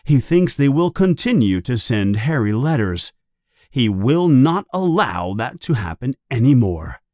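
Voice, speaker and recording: A man narrating a simplified storybook for English learners, reading slowly with a lively, rising and falling delivery. His voice is dry and close, with no room around it. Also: mid-range voice, no room sound. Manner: slow, clearly paced reading. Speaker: audiobook reader.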